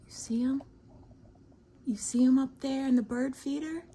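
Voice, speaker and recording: A woman chatting casually on her patio as she films hummingbirds. She speaks softly and often drops to a whisper, then breaks into excited bursts. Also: high voice, a little slow, slight background noise. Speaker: vlogger. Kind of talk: casual chat, filming birds on her patio. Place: outdoor patio.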